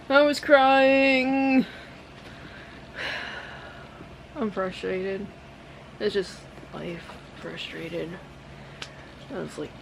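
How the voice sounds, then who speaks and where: A woman's voice: lowish voice, creaky, background noise. A woman vlogging casually at home into her camera, rambling and candid, sometimes cooing to her cats. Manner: rambling, candid, slow and tired. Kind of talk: casual vlog chat. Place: at home, indoors. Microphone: handheld vlogging camera mic.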